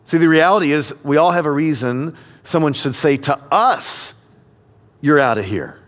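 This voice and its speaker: A man's voice: on the high side, moderate pace, fairly bright tone. A middle-aged man preaching a sermon as a guest speaker, telling funny stories and acting out the quotes in them. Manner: storytelling with humor, acts out quotes. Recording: preaching in a reverberant church.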